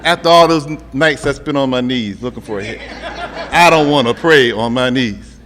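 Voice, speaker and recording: Speaking at a moderate pace in a mid-range, somewhat bright voice, a middle-aged man shares his recovery story, joking and talking straight to the audience. Long hall reverb and light background noise fill the recording.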